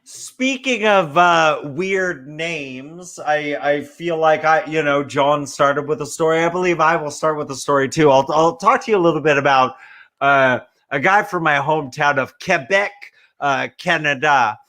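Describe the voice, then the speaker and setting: A man co-hosting a casual podcast, telling a comic tall tale in a deadpan, joking way. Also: on the high side, unhurried. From California. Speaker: podcast co-host.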